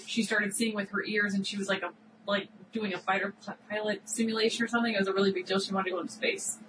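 Woman talking fast about a show, kinda far from the mic, noisy background. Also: mid-range voice, level tone. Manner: rambling, reflective talk with many fillers. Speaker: podcast co-host. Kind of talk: casual chat recapping a TV episode.

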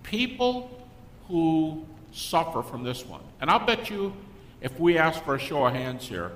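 Older guy giving a talk, acts out his stories, roomy echo and a faint low rumble underneath. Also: unhurried. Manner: animated storyteller who acts out quoted people. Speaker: guest speaker. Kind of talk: Christian apologetics lecture to a live audience. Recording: echoey hall with faint rumble.

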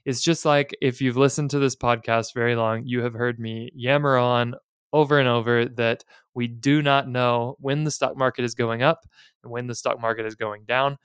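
A man's voice: mid-range voice, fairly even intonation, moderate pace, a bit bright, clear, resonant tone, no echo, clean studio sound. A man in his thirties hosting a podcast, talking in a candid, chatty and plainspoken way with casual asides. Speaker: podcast host. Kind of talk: casual finance podcast talk.

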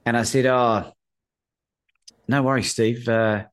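The clean-toned, mid-range voice of a middle-aged Australian man unfolds slowly as he tells a story on a podcast. A courage coach appearing as a guest, he animates the people he quotes and keeps asking "right?"

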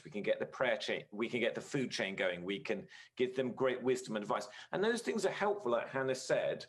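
A man giving a conversational sermon as a guest speaker, earnest and storytelling, with frequent filler words. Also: mid-range voice.

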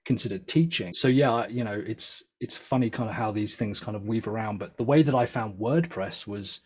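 A man's voice: lowish voice, fairly quick, darkish tone, slightly rough, dull audio. An English man, a podcast guest and coach, chatting casually and self-deprecatingly over a video call. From England. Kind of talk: casual interview chat.

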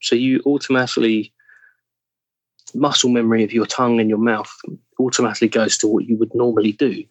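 English guy talking about acting, kinda husky voice, thinks out loud and trails off. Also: mid-range voice, level tone, brisk, no echo, highs cut off. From England. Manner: thoughtful, searching for words, trailing off. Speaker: actor, podcast guest. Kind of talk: casual interview chat.

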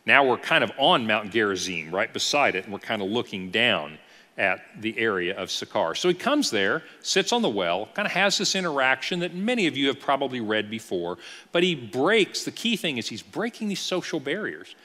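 A man, an executive pastor, teaching a church Bible class with animated storytelling and rhetorical questions. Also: medium pitch, normal speed. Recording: long hall reverb.

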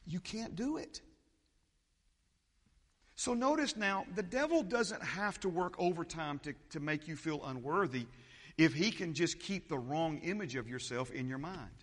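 High-voiced man preaching in a reverberant hall. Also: lively intonation, measured pace, a bit bright. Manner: emphatic, repetitive, building lists, interjects "amen". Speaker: pastor. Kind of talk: sermon.

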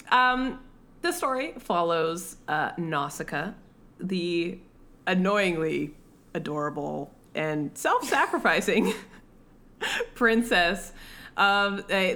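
A woman's voice: fairly low pitch, sharp tone. A woman co-hosting a podcast, chatting casually and animatedly about a film, swearing now and then. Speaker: podcast co-host reviewing a film. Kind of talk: casual chat.

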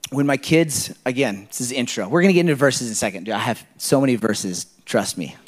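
A man's voice: medium pitch, animated, brisk. A man in his thirties preaching to a church congregation, telling personal stories in a loose, conversational way full of asides and fillers. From Kenya. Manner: conversational, rambling storyteller with frequent "like" and "you know". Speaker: pastor. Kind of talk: sermon.

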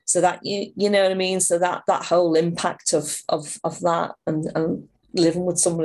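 A middle-aged woman, a writer and performer, talking in an interview in a halting, heartfelt way with many restarts. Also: lowish voice, flat delivery, a little mellow. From Ireland. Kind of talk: conversational interview.

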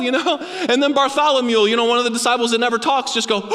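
A man preaching a sermon with dramatic storytelling, dropping low and quiet for emphasis. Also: steady tone, fairly quick, in a large hall.

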